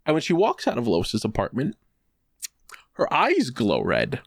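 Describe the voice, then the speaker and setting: A man co-hosting a podcast, telling a long story in casual chat. He is animated and profane, and he slips into put-on voices to act out quotes. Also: medium pitch, measured pace, no room sound, studio quality. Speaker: podcast co-host.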